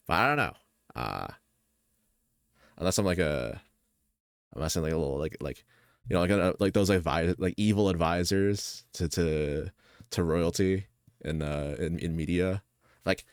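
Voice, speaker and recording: Gravelly deep-voiced male streamer. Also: normal speed, long pauses, no echo, studio quality. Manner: rambling, heavy on filler words. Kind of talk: casual chat while drawing.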